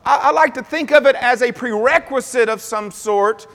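A man preaching a sermon, calling on the congregation to answer back, his voice rising and growing louder as he builds a point. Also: very high-pitched, normal speed. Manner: call-and-response preaching, asks the congregation to repeat words. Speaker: pastor. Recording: long reverb of a large hall.

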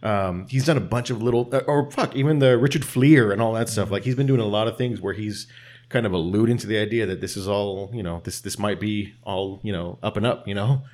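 A man co-hosting a casual chat, talking quickly and swearing, with loud animated bursts. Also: on the low side. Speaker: podcast co-host. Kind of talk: casual chat about wrestling.

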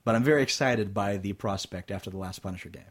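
A man hosting a casual podcast chat, pausing often with uh fillers. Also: on the low side. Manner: hesitant, many "uh" fillers. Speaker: podcast host.

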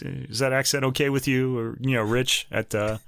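A man co-hosting a casual podcast, a chatty storyteller who gets animated when quoting people. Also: mid-range voice, normal speed, creaky, smooth, no echo. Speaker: podcast co-host.

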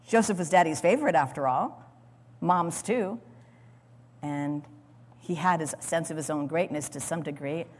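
A woman Bible teacher delivers a sermon in a dramatic storytelling style, repeating words as she goes. Her voice sits low and unhurried with long pauses, and a long hall reverb surrounds it.

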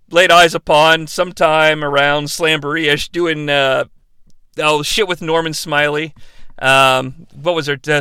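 A man with a high, bright, smooth voice hosts a casual comedy recap. He is sarcastic and swears freely, tossing out jokey asides. The sound is dry and close. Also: no echo. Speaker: podcast host recapping a wrestling show.

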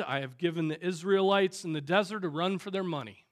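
A male pastor preaching a sermon, emphatic, piling up phrases and swinging in loudness. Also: high-pitched, a little fast. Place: church sanctuary.

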